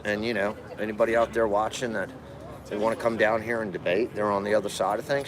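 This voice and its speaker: A man's voice: on the low side, fairly even intonation, quick pace. A man livestreaming from a protest, combatively calling out passersby and daring them to come and debate. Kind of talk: livestream commentary. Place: outdoors at a rally by a capitol building. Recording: outdoor rally crowd noise.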